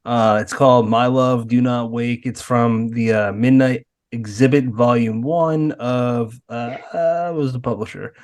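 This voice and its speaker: A man's voice: medium pitch, fairly even intonation, measured pace, few pauses, darkish tone. A man hosting a podcast who talks in an enthusiastic, casual way and swears freely. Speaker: podcast host.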